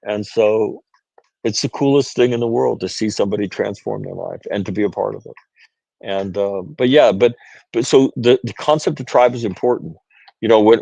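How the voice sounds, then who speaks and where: A middle-aged American man, a podcast guest and author, tells stories in conversation with earnest energy, often asking "right?", restarting phrases, and quoting others. His voice is fairly low, gravelly and darkish, caught in a dry recording with poor audio.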